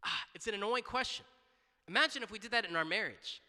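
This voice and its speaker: A man's voice: high-pitched, lively intonation, fast, bright, forceful tone, in a large hall. A man preaching a sermon in a church, talking conversationally with frequent restarts, repeated words and asides of "right?".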